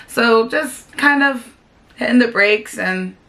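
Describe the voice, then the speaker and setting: Young mom from south jersey chatting to the camera, earnest, lots of likes, crisp bright voice. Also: female voice, fairly high pitch, takes it slowly. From South Jersey, USA. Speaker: parenting vlogger, stay-at-home mom. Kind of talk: casual talk to camera.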